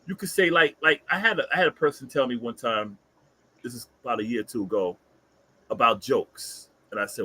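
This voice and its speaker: A man in his fifties with a Bronx New York accent, co-hosting a casual chat and telling stories in an animated way, full of street slang. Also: mid-range voice, quick pace, husky. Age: 50s. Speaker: co-host.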